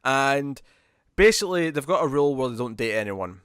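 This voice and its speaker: A man's voice: mid-range voice, animated, brisk, fairly bright tone, smooth, no echo, clean studio sound. A man co-hosting a podcast, chatting casually and rambling about movie trailers with lots of restarts. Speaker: podcast co-host.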